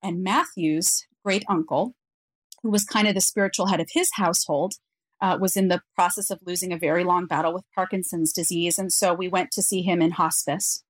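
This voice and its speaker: A woman guest on an interview podcast, telling a personal story in an earnest, reflective way with frequent pauses. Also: on the low side, fairly even intonation, no room sound.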